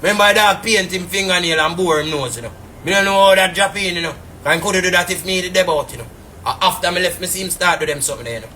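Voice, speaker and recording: A man's voice: high voice, quick pace, pushed and bright, a little hiss or hum. A man with a Jamaican patois accent, ranting casually and indignantly on a live stream, rambling and repeating fillers. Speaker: businessman telling his side.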